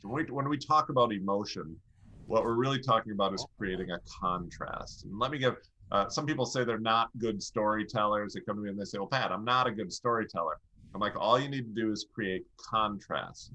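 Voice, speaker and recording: Male coach guest, bright and forceful, animated teaching style. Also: lowish voice. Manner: demonstrates pace and volume changes, animated. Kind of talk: energetic coaching talk.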